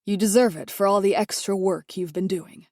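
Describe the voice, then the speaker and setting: A woman's voice: medium pitch, fairly even intonation, moderate pace, a little mellow, no room sound, natural voice. Woman reading as a stern rich husband, tense and commanding, dry voice. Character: stern husband, a wealthy man caught between wife and mother.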